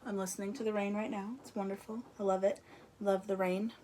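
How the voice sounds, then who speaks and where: A woman's voice: medium pitch, level tone, brisk, dark tone, slight background noise. A young woman chatting casually to camera from her room at home, rambling and laughing as she talks, a little out of breath. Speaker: vlogger.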